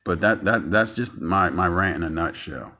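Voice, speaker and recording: Man, very low voice, angry profane vlog rant, stammering repeats, worn out. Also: expressive, moderate pace, sharp tone. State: emotionally tired. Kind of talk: ranting vlog monologue.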